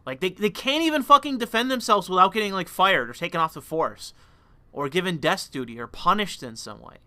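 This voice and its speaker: A man's voice: high voice, expressive, a little fast, sharp tone, no echo. Heated, profane male commentator, dry close sound. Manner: heated, profane, rambling with many fillers. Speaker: commentary channel host. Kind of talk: political commentary monologue.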